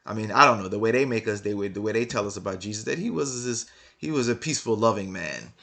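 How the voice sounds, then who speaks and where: A man's voice: fairly low pitch, quick pace, creaky, bright, forceful tone. A man reading passages from a book aloud and commenting on them, hammering his points with repeated rhetorical questions. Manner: argumentative, many restarts. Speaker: religious commentator.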